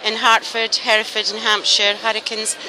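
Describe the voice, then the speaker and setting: A woman's voice: a little high, completely flat delivery, normal speed. A Scottish woman being interviewed at an outdoor market, reading test phrases and chatting. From Scotland. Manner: chatty, teasing. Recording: noisy street market outdoors.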